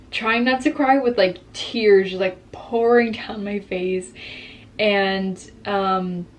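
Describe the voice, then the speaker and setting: A woman's voice: medium pitch, slight background noise. A woman in her twenties telling a personal story in a candid vlog, reflective and openly emotional. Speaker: vlogger.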